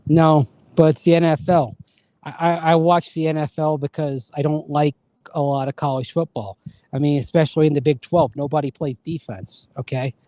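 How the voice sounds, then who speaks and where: A man's voice: fairly high pitch, steady tone, normal speed, mellow, no room sound. A man co-hosting a casual sports radio show. He rambles and restarts his sentences often.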